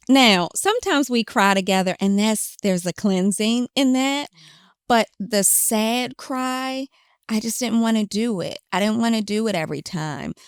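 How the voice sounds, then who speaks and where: A woman guest telling her story candidly in an interview, emphatic and animated when she quotes herself. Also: mid-range voice, clean tone, no room sound, studio quality.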